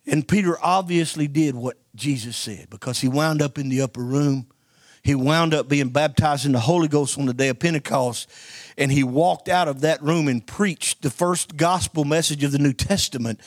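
A man preaching with a somewhat high voice, joking and telling a story with lively call-and-response to his congregation. The sound is dry and close, with little room around it. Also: normal speed, no echo. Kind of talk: sermon.

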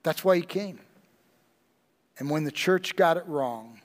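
Male pastor, high voice, unhurried sermon delivery, reverberant church hall. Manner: slow, emphatic preaching with dramatic pauses.

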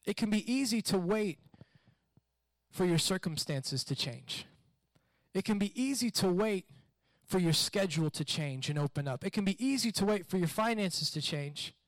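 A man preaching a sermon in a conversational, animated way, retelling a story and repeating questions. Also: high voice, moderate pace, no echo. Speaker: pastor.

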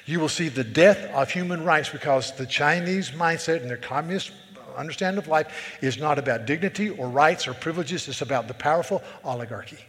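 A male pastor delivers a sermon in a fairly high voice. His talk is conversational but grows forceful when he presses a point. A long reverb trails his words through the sanctuary. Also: brisk. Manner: conversational preaching, rising to forceful emphasis. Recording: reverberant hall.

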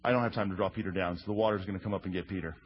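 A man preaching a sermon as a lively storyteller who acts out the quotes he tells. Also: sits low, racing, faint music behind. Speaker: preacher teaching a Bible lesson. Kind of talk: sermon, drawing while teaching. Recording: dull lo-fi sound.

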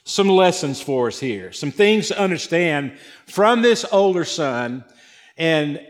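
A man's voice: fairly high pitch, big pitch swings, slow, in a large hall. A man preaching a sermon, retelling a parable with emphatic, repetitive phrasing. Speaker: pastor.

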